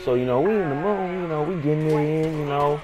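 A young man with a fairly high voice rattles off a comic story-time tale at a fast clip, music playing behind him. He's a storyteller vlogger, slangy and rambling, packing in fillers and hyped-up bursts while doing his friends' voices in quotes.

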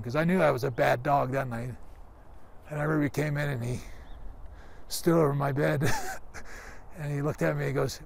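A man's voice: medium pitch, fairly even intonation, a little fast, creaky, pauses often, a little hiss or hum. A man in his sixties from Canada telling childhood stories in a rambling, reminiscing way with many restarts, standing outdoors. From Calgary, Canada. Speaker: guest giving a tour. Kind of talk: casual storytelling.

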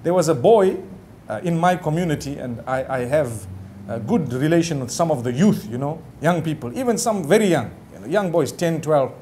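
Slightly high and mellow, his voice moves with lively intonation at a normal pace, with slight background noise. The middle-aged Islamic preacher lectures a live audience in sermon fashion, casual and full of "you know"s, dramatizing what others said.

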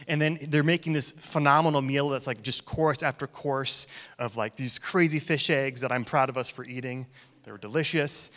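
Pastor guy in his 30s, kinda high voice, joking around, big echoey church hall. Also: pushed and bright. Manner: conversational, joking storyteller. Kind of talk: sermon. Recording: long hall reverb.

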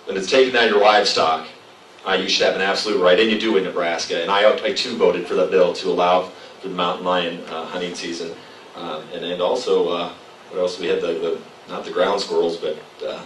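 A man answering as a candidate in a public debate, halting with many fillers. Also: sits low, a bit bright. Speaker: state senator, debate candidate. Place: public hall. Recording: echoey room from far off, faint noise.

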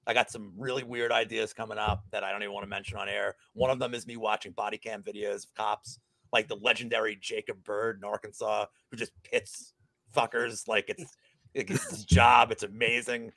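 A man guesting on a sports betting stream, chatting excitedly and swearing freely about his upcoming content. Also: on the low side, a little fast, gravelly, no room sound. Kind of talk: casual chat.

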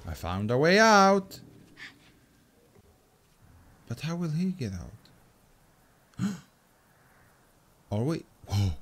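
A man with a slightly high voice that swings wildly up and down as he plays. He talks slowly and excitably, swearing now and then and coaxing the creature on screen. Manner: excitable, chatters to the game creature, swears casually. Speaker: gaming channel host. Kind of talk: let's play commentary.

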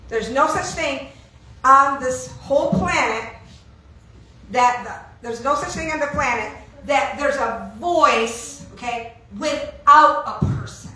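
A woman preaching a sermon in an animated way, asking her listeners questions and acting out the voices of pushy friends. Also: sits high. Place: church hall. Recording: echoey hall, mic at a distance.

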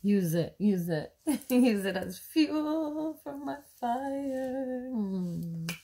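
Giggly, husky-voiced woman vlogger. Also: fairly high pitch, lively intonation, very slow, dark tone. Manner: dreamy, giggly, gushing. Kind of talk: casual daily vlog.

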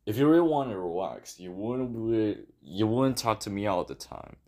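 A man's voice: lowish voice, lively intonation, moderate pace, darkish tone. A man voicing a fussy, nagging cartoon man in a fan animation dub, scolding in a plain voice.

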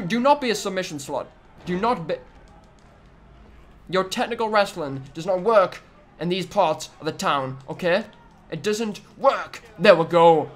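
Young male gaming YouTuber, high-pitched, hyped trash-talk with loud outbursts. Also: measured pace. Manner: excitable, trash-talking the opponent, sudden loud outbursts. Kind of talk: let's-play commentary.

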